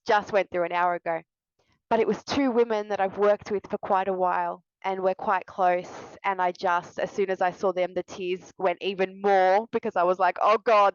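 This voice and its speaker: A woman's voice: on the low side, smooth, no room sound. A young adult woman, a somatic healing coach, sharing candidly and earnestly to camera from indoors. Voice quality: soft, earnest, confessional. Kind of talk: candid personal share to camera. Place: indoors with a fan running. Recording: dull lo-fi, dry sound.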